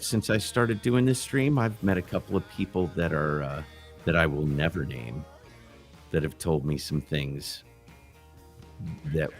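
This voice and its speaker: A deep-voiced man hosts a casual livestream chat, rambling, restarting sentences and dropping curses along the way. Faint music plays behind him. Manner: rambling, loose and profane, restarts often. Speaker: livestream host. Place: backyard grill gazebo.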